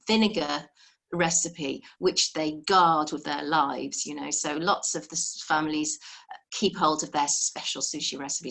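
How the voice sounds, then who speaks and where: A woman's voice: low voice, fairly bright tone. A woman teaching a live beginner language lesson over a video call, patient and encouraging, explaining step by step.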